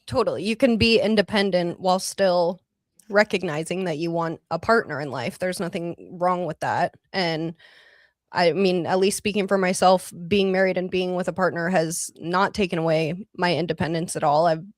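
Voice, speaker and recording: A married woman joining a talk show, speaking in a calm, measured way. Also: lowish voice, dry recording, studio quality. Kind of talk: casual conversation.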